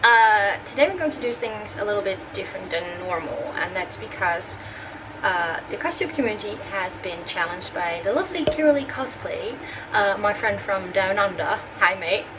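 A woman's voice: mid-range voice, animated, moderate pace. Rambling woman vlogging in a humming attic. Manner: rambling, with many fillers and self-corrections. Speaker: sewing and costume channel host. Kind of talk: casual chatty vlog talk to camera. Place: attic sewing workshop. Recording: distant mic with air conditioner hum. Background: air conditioner running.

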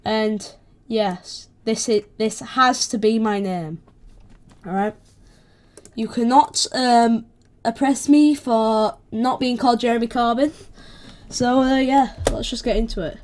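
A woman with a British accent giving casual gameplay commentary, excitable, yelping when attacked and trash-talking playfully. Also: a little high, slow pace. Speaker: gaming video creator.

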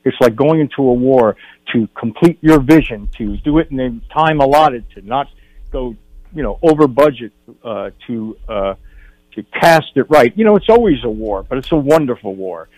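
An older man, a film director, telling stories as a guest in a radio studio interview, animated and acting out what people said. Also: medium pitch, normal speed, no echo, lo-fi sound. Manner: animated anecdote teller, acts out quotes.

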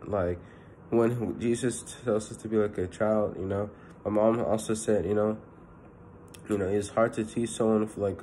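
A man's voice: lowish voice, mellow, slight background noise. A young man giving a casual, earnest spoken sermon, rambling with constant "you know" fillers. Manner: earnest and personal. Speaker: preacher.

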